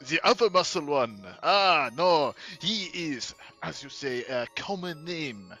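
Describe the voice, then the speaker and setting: Casting note: man playing a pompous French-style adventurer, bright forceful tone, faint music behind. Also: on the high side, lively intonation, slow, exaggerated voice. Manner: pompous, boastful, theatrical.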